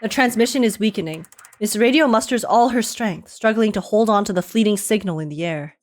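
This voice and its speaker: A woman's voice: mid-range voice, fairly quick. A woman streamer reacting to a story game, gushing, giggling, and reading the story aloud.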